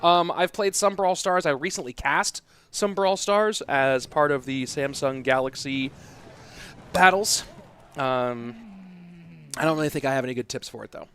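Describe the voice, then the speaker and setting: This thirty-something esports caster has a somewhat high, fairly bright voice that comes across clear and resonant at a normal speed. Loose and conversational, he muses aloud while reading viewer questions on a casual stream.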